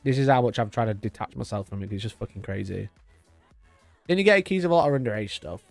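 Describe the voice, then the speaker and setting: A livestream host in his twenties rambles through casual, sweary chat, laughing often. His lowish, gravelly voice is animated and fast. The recording is dry, with soft background music.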